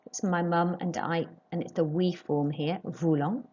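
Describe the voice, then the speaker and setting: A woman teaching a French lesson, modelling phrases slowly and clearly for pupils to repeat. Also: fairly low pitch, fairly even intonation, darkish tone, dull audio. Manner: slow, clearly modelled French pronunciation with rising questions. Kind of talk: recorded classroom lesson.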